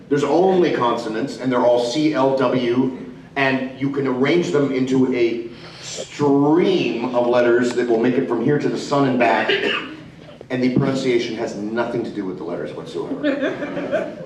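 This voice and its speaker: A man's voice: medium pitch, animated, moderate pace, a little mellow, slight background noise. A middle-aged man from Australia telling stories as a guest on a voice-actor panel. He laughs often and slips into put-on voices. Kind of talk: convention panel talk, anecdotal. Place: convention hall. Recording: echoey hall, mic from far off.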